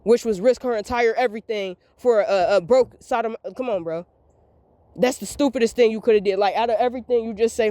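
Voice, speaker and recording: High-pitched woman venting in a rambling voice memo. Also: fairly quick, dark tone, no echo. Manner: rambling, repetitive, emphatic. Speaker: vlogger.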